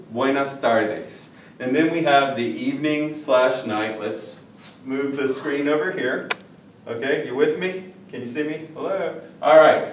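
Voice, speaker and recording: A man's voice: medium pitch, slight background noise. A male Spanish teacher giving a recorded lesson in a chatty way, repeating phrases and checking in with his listeners. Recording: echoey room, mic at a distance.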